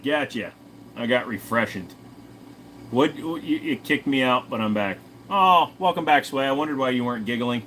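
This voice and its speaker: A man's voice: medium pitch, animated, normal speed, a bit bright, a little hiss or hum. Profane, joking Tennessee man in his forties. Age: 40s. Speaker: livestream host. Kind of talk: casual livestream chat.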